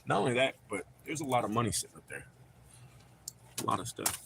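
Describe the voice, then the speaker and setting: A man's voice: mid-range voice, animated, fairly quick, creaky, pushed and bright, slight background noise. A man with a North Carolina accent hosting a casual livestream from home, rambling and joking with plenty of swearing. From not from North Carolina. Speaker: livestream host. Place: home with dogs.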